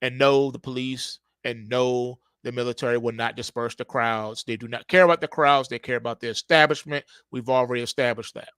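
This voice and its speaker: A man's voice: mid-range voice, steady tone, fairly quick, hardly any pauses, fairly bright tone, clear, resonant tone, no echo. A man giving a casual commentary monologue in an emphatic, repetitive way. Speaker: market commentator.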